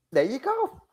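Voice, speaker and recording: Chatty man explaining his craft. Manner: animated, restarts mid-sentence. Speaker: guest comics creator. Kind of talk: casual interview chat.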